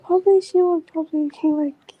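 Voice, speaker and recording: A woman vlogger talking in a casual, rambling monologue that often drifts into soft whispers. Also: very high-pitched, steady tone, brisk, lo-fi sound.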